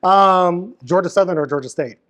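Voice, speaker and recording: A woman hosting a casual chat show, playful and sassy with quick one-word quips. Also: fairly low pitch, a bit bright. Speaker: host.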